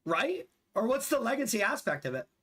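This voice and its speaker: Man, 20s, gaming streamer; high, animated voice, loose profane banter. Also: a little fast. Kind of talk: casual live-stream chat during gameplay.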